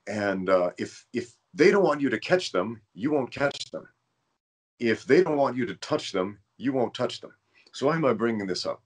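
Very animated and slightly rough, this medium-pitched podcast host meanders through a story at a moderate pace. He occasionally stumbles over words in the casual chat and knows he stutters.

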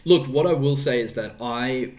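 A man's voice: medium pitch, normal speed. An Australian man, a guest actor in a casual interview, talking animatedly and repeating words for emphasis.

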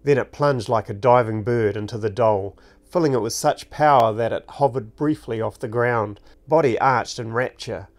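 Man narrating a fantasy storybook, measured pace, medium pitch, unhurried. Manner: slow, deliberate reading.

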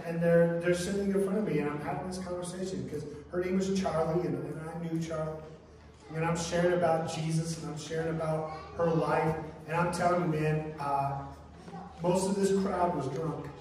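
A man's voice: on the high side, darkish tone. A man preaching a sermon as a pastor, telling stories casually and often saying "man" and "right?". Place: church sanctuary. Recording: echoey church hall from far off.

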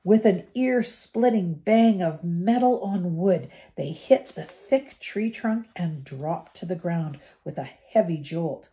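An older woman reading a novel aloud to her grandchildren, gentle and with the odd slip and restart. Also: lowish voice, takes it slowly, few pauses. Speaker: storybook reader for her grandchildren.

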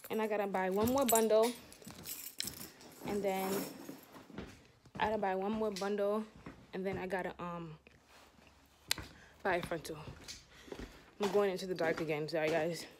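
A young woman chatting casually to her vlog viewers, rambling and calling them y'all, filmed at home and then out on a rainy street. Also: mid-range voice. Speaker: vlogger. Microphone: clip-on mic and phone camera. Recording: noisy phone vlog audio.

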